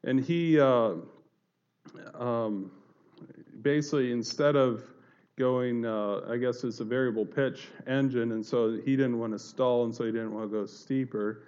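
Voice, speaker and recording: A man with an ordinary mid-pitched voice tells an audience his personal story in a sincere, unpolished way. He circles back on his words and fills pauses with small hesitations. The recording has a dull, lo-fi sound. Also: fairly even intonation, darkish tone. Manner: earnest, halting, with many fillers and restarts. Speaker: speaker giving a personal testimony. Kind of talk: earnest spoken storytelling to an audience.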